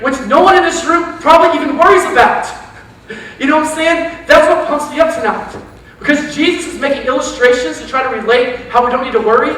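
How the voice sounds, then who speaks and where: A man preaching a casual, animated sermon to young adults in a church, talking straight to the crowd with quick asides. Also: extremely high pitch. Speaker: youth pastor. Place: church sanctuary. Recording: echoey church hall, mic from a distance.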